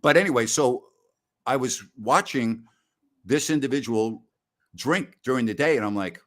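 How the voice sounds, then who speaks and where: A man in his sixties hosting a casual post-game show, telling rambling stories loudly with salty language. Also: mid-range voice, moderate pace. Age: 60s. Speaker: host.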